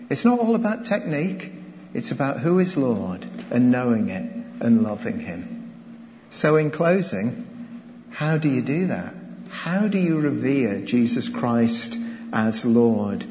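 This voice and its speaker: A man's voice: medium pitch, animated, a little slow, darkish tone, a little hiss or hum. A man preaching a sermon, earnest and exhorting, asking his listeners rhetorical questions. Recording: long hall reverb.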